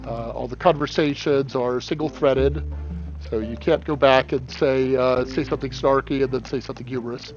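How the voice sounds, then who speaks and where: A man's voice: medium pitch, fairly even intonation. Man, casual live-stream playthrough, reads the game dialogue aloud, dull lo-fi sound, faint background music. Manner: casual, reads character lines in quickly dropped voices. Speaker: game developer playing his own game. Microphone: desk microphone.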